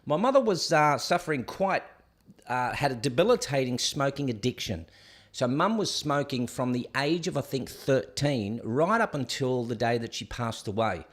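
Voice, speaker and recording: A man in his 60s hosts a live podcast show, telling stories in a rambling, conversational way full of fillers. His medium-pitched voice is animated and moves at a normal speed through casual chat and ranting.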